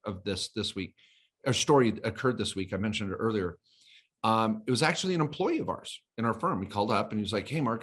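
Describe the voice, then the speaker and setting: A man's voice: on the low side, fairly bright tone, breathy edge. A man co-hosting a podcast in casual chat, telling stories and acting out quoted voices with energy. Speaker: podcast co-host.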